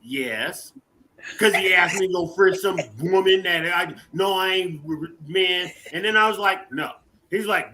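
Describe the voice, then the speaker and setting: A man's voice: high voice, a little slow, poor audio. A comedian panelist, a man, telling rambling, slangy stories with laughs. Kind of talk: casual storytelling. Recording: loud background noise.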